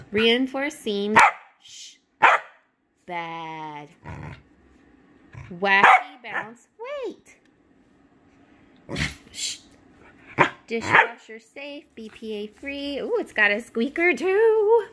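High, lively woman chatting to her dog. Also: extremely slow, pauses often. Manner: playful, laughing, scolding an excited dog between reading labels. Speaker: vlogger unboxing a dog toy box. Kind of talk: casual unboxing chat. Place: home with a dog.

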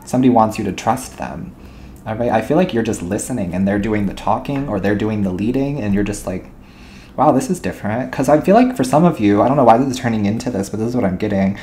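A man's voice: on the low side, fast, dark tone, a little hiss or hum. A man doing a tarot reading to camera, rambling and intuitive, often checking in with "okay?" and "all right?". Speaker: tarot reader.

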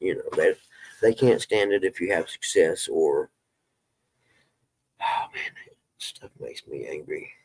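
Deep-voiced man chatting on a live stream. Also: a little slow, vocal fry, pauses often, darkish tone, breathy edge, no room sound. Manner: folksy, swears when fired up. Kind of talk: casual live-stream chat.

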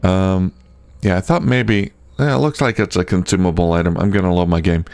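A man's voice: sits low, a little fast, creaky, a little mellow, no echo. A man hosting a let's play, commenting casually and thinking aloud as he plays. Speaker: gaming channel host.

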